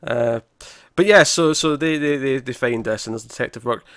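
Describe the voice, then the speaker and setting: A man's voice: medium pitch, normal speed, a bit bright, no echo, clean studio sound. A man co-hosting a podcast in casual chat, rambling with lots of restarts and frequent laughs. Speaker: podcast co-host.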